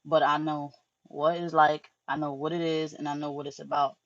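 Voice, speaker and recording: A woman's voice: low-pitched, level tone, normal speed, no room sound. Woman spiritual teacher, loose and profane storyteller, dry lo-fi recording. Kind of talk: casual spiritual monologue.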